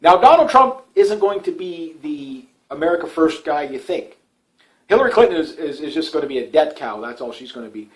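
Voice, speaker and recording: A man's voice: on the high side, big pitch swings, fairly quick, poor audio. A man from Canada giving casual solo political commentary, rambling with frequent fillers and restarts, opinionated and dismissive.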